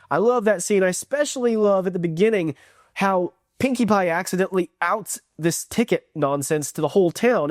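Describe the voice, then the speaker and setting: Casting note: chatty, enthusiastic host reviewing a cartoon, mid-pitched, dry and close to the mic. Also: a little mellow, no echo. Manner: enthusiastic, rambling, acts out quotes. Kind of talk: casual video review.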